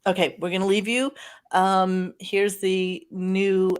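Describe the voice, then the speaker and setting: A woman's voice: mid-range voice, flat delivery, slow, smooth. A woman hosting a live podcast stream, chatting casually and teasing her co-host while reading viewer comments aloud.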